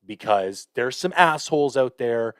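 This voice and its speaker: A man hosting a podcast, telling a hunting story in a casual, profane, animated way with lots of fillers. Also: medium pitch, unhurried, smooth, no room sound. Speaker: podcast host.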